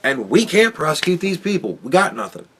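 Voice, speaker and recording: A man's voice: on the high side, very animated, fairly quick, a bit bright, breathy edge. Profane, rambling male podcast host. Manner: profane, rambling, with frequent restarts. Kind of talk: casual opinion monologue.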